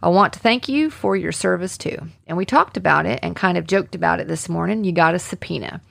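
A woman's voice: fairly low pitch, gravelly, a bit bright, no echo, clean studio sound, full character voice. A woman reading aloud as a male Southern district attorney giving a formal courtroom opening statement with a Southern drawl. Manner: formal, measured legal address.

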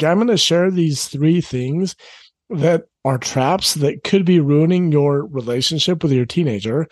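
A middle-aged man with a slightly high voice coaches parents in an earnest, conversational direct-to-camera advice talk, repeating his key phrases. There's no echo.

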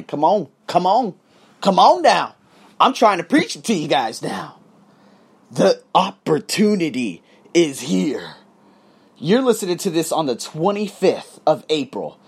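A husky-voiced man runs his own podcast as a solo motivational talk. His pitch swings all over as he preaches, swearing freely and egging on his listeners. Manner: animated, profane, preachy. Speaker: podcast host. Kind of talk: motivational monologue. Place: abroad, living in Thailand.

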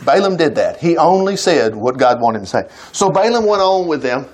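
A man's voice: a little high, big pitch swings, brisk, darkish tone. A man preaching a sermon at a church service, retelling a Bible story with folksy asides and laughter.

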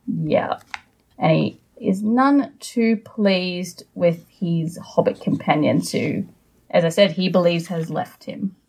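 A woman's voice: on the low side, slow pace, creaky, a little mellow. A woman co-hosting a casual book discussion, chatty, with exasperated asides about the characters. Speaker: podcast co-host.

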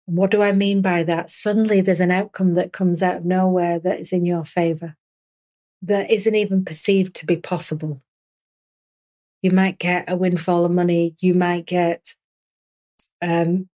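A woman hosting a spiritual podcast and speaking as an energy healer in a soothing, earnest monologue with gentle repetition. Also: lowish voice.

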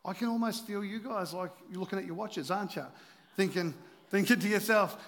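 High-voiced joking pastor preaching in a hall. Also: male voice, a little fast. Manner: animated, joking preacher who drops to a hushed voice for emphasis. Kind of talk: sermon. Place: church auditorium.

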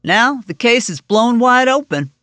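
A woman's voice: on the high side, animated, unhurried, a bit bright, dry recording, soft background music, pitched above the performer's own voice. A woman narrator voicing a cocky, crude male agent who talks in a wisecracking, folksy way in an audiobook. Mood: teasing. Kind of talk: audiobook character voice.

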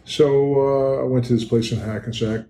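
An older man, a podcast guest, telling a story in an animated, emphatic way. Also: medium pitch, normal speed. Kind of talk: storytelling interview. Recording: roomy with faint noise.

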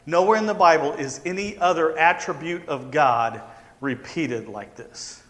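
A man preaching a sermon, stressing key words by repeating them and slowing down. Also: fairly high pitch, fairly bright tone, long reverb tail. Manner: emphatic repetition, slowing for stress. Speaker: pastor.

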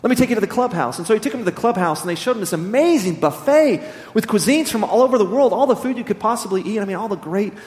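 A man preaching to a congregation, spinning stories with humor and energy. His voice sits fairly high. Long hall reverb trails each phrase. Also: fast, hardly any pauses. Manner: animated storytelling, humorous. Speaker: pastor. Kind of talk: sermon.

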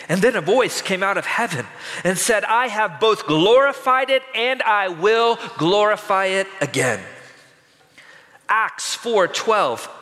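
Male pastor, bright tenor, slow and deliberate, dramatic sermon delivery. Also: high voice, big-room sound. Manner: dramatic scripture reading, rising to shouts.

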